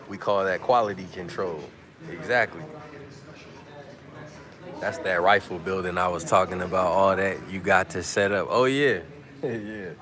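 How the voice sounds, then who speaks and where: A low-voiced man hosts a loose, slangy livestream on his phone and reads out viewers' shout-outs. Chatter from a busy room hums behind him. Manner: laid-back slang, reads out viewer comments. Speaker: livestream host. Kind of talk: casual live chat with viewers. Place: press conference media room.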